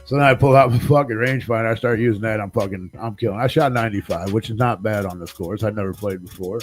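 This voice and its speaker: A man's voice: lowish voice, quick pace. A man in his forties tells a rambling, swear-heavy story on a live talk show. He mimics the people in it as he goes. Faint music runs underneath. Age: 40s. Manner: profane, animated storytelling, acts out other people's lines. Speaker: podcast host. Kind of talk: casual storytelling chat.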